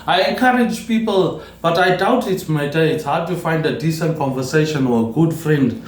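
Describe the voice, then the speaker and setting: A man rambling through a solo vlog monologue, repeating words and tagging his lines with a low "mate, eh". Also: normal speed, a little hiss or hum. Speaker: vlogger. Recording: roomy echo.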